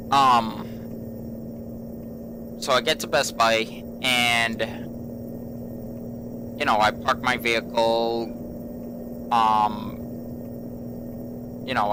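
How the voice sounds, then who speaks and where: In a laid-back storytelling vlog, the host of a gaming channel drifts through a long account of everyday events, circling back on points and leaning on "you know." He has a mid-range voice, with background noise audible.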